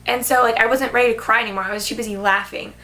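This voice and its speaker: Young woman, vlogger, casual movie chat, bright, fairly high, gushing, lots of fillers. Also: steady tone, very fast. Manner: gushing, filler-heavy, many "like"s.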